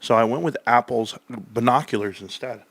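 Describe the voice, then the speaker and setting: A man's voice: mid-range voice, normal speed, vocal fry, no room sound. A man talking into a desk microphone on a casual stock-market stream, joking crudely and boastfully as he rambles. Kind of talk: casual rambling livestream chat.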